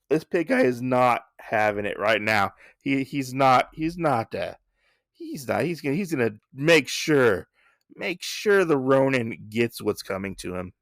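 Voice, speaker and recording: A podcast host with a gravelly, creaky voice, chatting loosely through a comic recap, with plenty of stumbles and asides. The sound is dry and close. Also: male voice, medium pitch, fairly bright tone, no room sound. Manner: rambling, many fillers and restarts.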